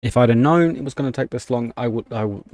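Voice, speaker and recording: A man's voice: mid-range voice, fast talker, a little mellow. A young man chatting casually on a live stream, ranting in annoyance while typing commands at his desk. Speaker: livestreamer.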